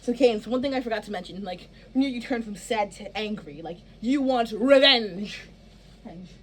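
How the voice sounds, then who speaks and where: Woman, director type, rambling blocking notes, slightly high voice, faint background noise. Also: moderate pace. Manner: rambling, filler-heavy, restarts often. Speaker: stage director. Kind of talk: casual rehearsal instructions.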